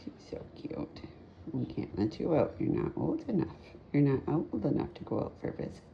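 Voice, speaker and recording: A middle-aged woman speaks in a low, slow voice that rolls up and down, often dropping to a soft coo or half-whisper as she talks to her kitten. Her tone is mellow with a gravelly edge. A faint home hush sits behind her. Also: big pitch swings, muffled recording, a little hiss or hum. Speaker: mother and cat owner. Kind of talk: casual home vlog. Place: family home indoors.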